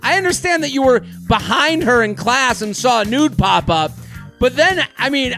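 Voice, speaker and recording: A man hosting a comedic dating-advice podcast. He reads listener emails and answers them in an animated, sarcastic way, often slipping into mock voices. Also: very high voice, normal speed, gravelly, soft background music.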